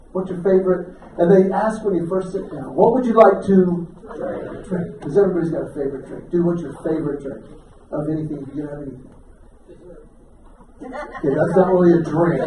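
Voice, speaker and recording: A male stand-up comedian, performing an animated routine and acting out both sides of everyday conversations. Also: fairly high pitch, slight background noise. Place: banquet hall at a church men's ministry dinner. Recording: echoey room, mic heard from a distance. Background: audience laughter.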